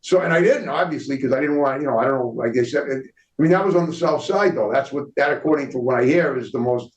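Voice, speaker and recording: Fast-talking host in a roomy, distant recording. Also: male voice, medium pitch. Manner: rambling, repeats words while asking questions. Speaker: interview host. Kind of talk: casual interview chat. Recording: roomy, distant, dull audio.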